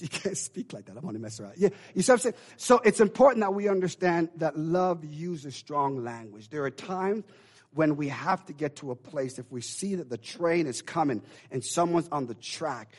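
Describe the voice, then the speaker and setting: A middle-aged male pastor preaching a sermon, swinging from loud emphatic declarations to hushed low asides with call-and-response phrases.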